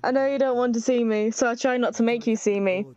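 A woman's voice: a little high, steady tone, quick pace, a little mellow, clean tone, dull audio, close to an everyday voice. A woman reading a timid, clingy young man from a game, pleading and apologetic. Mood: gentle.

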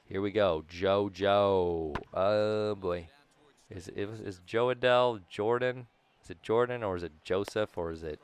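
A man giving casual, rambling commentary over a baseball video game, goofy with sudden excited outbursts. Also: lowish voice, unhurried, clean tone, dry recording, dull audio. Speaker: gaming YouTuber.

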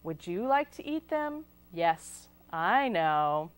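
A woman's voice: fairly low pitch, very animated, takes it slowly, clear, resonant tone. A woman reading picture books aloud to children at a library storytime, sing-song and asking them questions. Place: public library. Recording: local cable TV taping.

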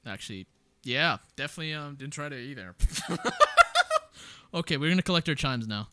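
A man's voice: medium pitch, animated, fast talker, bright, forceful tone, clean tone, no echo. A man giving live gameplay commentary as a streamer, slangy and casual, calling his viewers boys and bro and repeating his own phrases. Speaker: gaming streamer.

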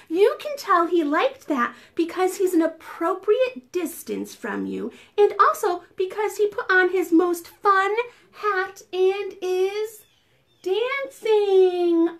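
Really high-pitched young woman reading a picture book to little kids, slow and gentle, gasps and whispers a lot. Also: gravelly. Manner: animated, gasping and whispering to draw children in. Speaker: children's librarian. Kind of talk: preschool storytime read-aloud.

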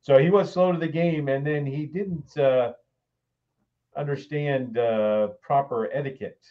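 An older man, the host's father, telling family stories in a dry, measured way with many pauses. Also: mid-range voice, muffled recording. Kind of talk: casual chat.

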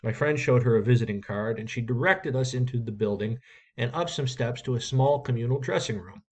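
A man reading a short story aloud in a steady, measured way. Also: medium pitch. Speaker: reader.

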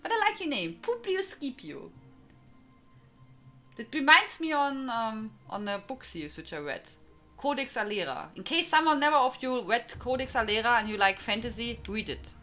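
A woman's voice: a little high, lively intonation, normal speed, pushed and bright, faint music behind. A woman from Germany with a strong German accent, chatting casually on a live stream, greeting viewers by name and laughing often.

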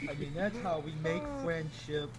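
A man's voice: on the high side, moderate pace, a crowd in the background. A young man chatting in a game, goofy and casually swearing, with music playing behind him. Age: young adult. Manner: goofy, puts on a silly character voice, swears casually. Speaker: streamer. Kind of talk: playful group chat while gaming.

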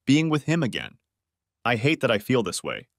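A man voicing a tired, remorseful wife who pleads and apologizes in a softened, higher voice, with lively inflection. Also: normal speed, vocal fry, no room sound, clean studio sound, full character voice. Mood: remorseful, pleading.

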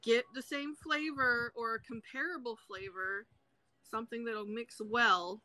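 A woman's voice: a little high, steady tone, measured pace, sharp tone, no room sound, low-quality recording. A woman in her thirties with a Southern US accent, chatting bluntly and casually on a livestream while crocheting. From South Carolina, US. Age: 30s. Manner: blunt, frank, swears freely. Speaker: livestream host.

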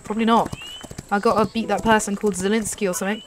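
A young British woman giving excitable commentary while playing a horse racing game, urging her horse on. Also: medium pitch, fast talker, a little hiss or hum. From Britain. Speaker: gaming YouTuber. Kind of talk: live gameplay commentary.

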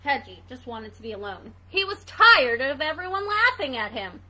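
A woman's voice: sits high, big pitch swings, moderate pace, background noise. A woman reading a picture book aloud to children, asking playful questions about the pictures. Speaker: reader for children.

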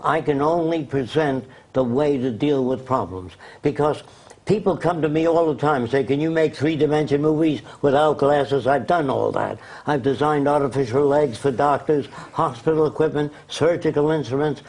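A man's voice: fairly high pitch, normal speed, a little mellow, husky. An older man being interviewed, telling blunt, anecdotal stories. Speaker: interview guest, designer. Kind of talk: storytelling in an interview.

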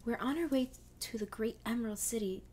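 Woman doing a shy kind little girl, whispered role-play, slightly raised pitch, storybook. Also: fairly quick, darkish tone, a little hiss or hum, close to an everyday voice. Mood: timid. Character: timid, kind young girl.

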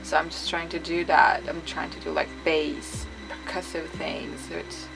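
A woman's voice: deep voice, little pitch movement, measured pace, gravelly, poor audio. A young woman, a music production student, chatting casually and playfully in a vlog, laughing between phrases as she shows her recording gear. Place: home recording setup, indoors. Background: music playing underneath.

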